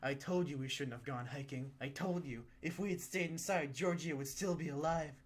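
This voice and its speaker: A man's voice: on the high side, moderate pace, close to an everyday voice. A man voicing a grieving young person in a story, insistent and reproachful while sobbing.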